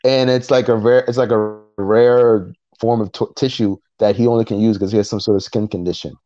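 A man co-hosting a podcast in casual chat, retelling events in an animated way and acting out what people said. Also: lowish voice, brisk. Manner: animated storytelling, acting out quotes. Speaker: podcast co-host. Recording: dull lo-fi recording.

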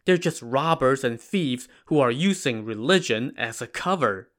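Man playing feeble old monks, hungry and pleading, soft and tired. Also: mid-range voice, lively intonation, a little slow. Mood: urgent. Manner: pleading, weary. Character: starving frightened old male monks.

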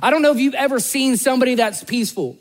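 A pastor delivers a sermon in a relaxed, chatty way, poking fun at himself as he tells a story. His voice sits high for a man. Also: quick pace. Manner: conversational storytelling with self-deprecating humor.

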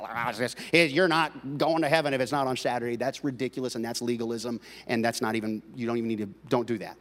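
Middle-aged guy preaching, gets loud then drops quiet, jokey, big echoey church hall. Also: mid-range voice. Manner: animated preaching with jokes, swings from loud to quiet. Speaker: pastor. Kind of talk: sermon.

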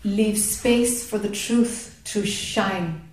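A woman speaking as a spiritual teacher to a group, calm, slow and encouraging. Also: medium pitch, slight background noise. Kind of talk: satsang dialogue. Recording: very echoey, distant in a hall.

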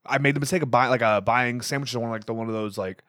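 A man's voice: medium pitch, fast, fairly bright tone, dry recording, studio quality. Rambling young male comedian. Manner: rambling, loose, profane. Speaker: comedian guest. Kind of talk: casual podcast banter.

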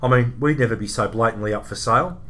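An Australian man co-hosting a casual motorsport podcast, bantering and excitable. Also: medium pitch, quick pace. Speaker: podcast co-host.

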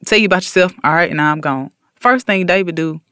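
A man's voice: high voice, fairly quick, clean tone, dry recording. Guy telling a story all slangy and hyped, does the voices, dry close sound. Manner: animated, slangy retelling with acted-out quotes. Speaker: podcast co-host. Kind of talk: casual storytelling chat.

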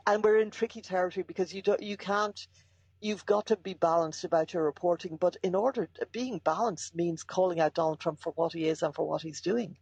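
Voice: medium pitch, a little fast, vocal fry, a little mellow, breathy edge, no echo, muffled recording. A journalist giving opinions in an interview, in an earnest, opinionated way. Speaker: journalist guest. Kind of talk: interview conversation.

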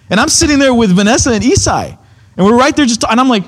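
A man's voice: very high-pitched, lively intonation, quick pace. A young adult man preaching a sermon, telling a story in a casual way and acting out the voices of the people in it. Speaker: pastor.

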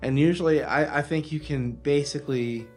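A man's voice: fairly high pitch, moderate pace, darkish tone, faint music behind. A man co-hosting a podcast, riffing in a wry, self-mocking way in casual chat. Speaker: podcast co-host.

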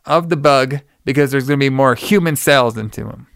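A man's voice: mid-range voice, a little fast, vocal fry, fairly bright tone, no room sound, clean studio sound. A man co-hosting a podcast, casually retelling a movie plot in a rambling way full of fillers. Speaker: podcast co-host. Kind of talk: casual movie review chat.

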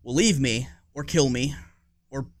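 A man's voice: medium pitch, unhurried, no room sound. A man in his forties co-hosting a podcast, chatting casually in a rambling, profane way and laughing easily. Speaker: podcast co-host. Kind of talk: casual chat.

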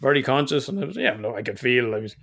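A man's voice: mid-range voice, big pitch swings, fast, gravelly, fairly bright tone. An Irish man telling rambling stories in casual podcast chat and swearing freely. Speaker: podcast co-host.

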